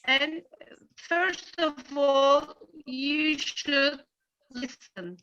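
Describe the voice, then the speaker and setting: A middle-aged woman with a Turkish accent teaches an English lesson, her voice high and bright. She speaks slowly and patiently, pausing on fillers, and the audio comes through a dull, lo-fi line. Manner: patient, halting explanations with many fillers. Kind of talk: online class teaching.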